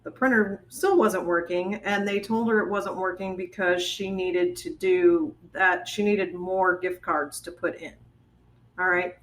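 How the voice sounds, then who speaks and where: A woman's voice: on the low side, fairly even intonation, unhurried, slight background noise, poor audio. Woman guest telling a story casually. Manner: conversational, with fillers and restarts. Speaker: podcast guest.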